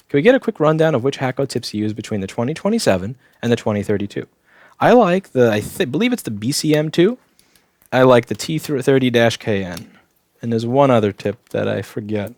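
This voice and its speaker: Talking a little fast with lively intonation, a medium-pitched man with a darkish tone and a slightly sore throat runs a live repair stream with no room sound. As he fixes electronics he answers chat and drops offhand, wisecracking remarks.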